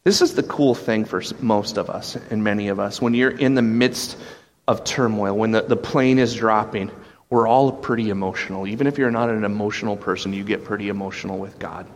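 A man preaching a sermon, animated, acting out quoted voices with sudden jumps in pitch. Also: brisk, slight background noise. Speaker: pastor.

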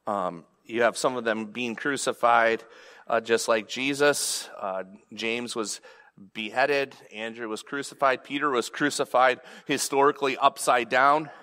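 Bright-voiced preacher in a reverberant hall. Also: male voice, mid-range voice. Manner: conversational, emphatic, with rhetorical questions. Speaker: pastor. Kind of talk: sermon.

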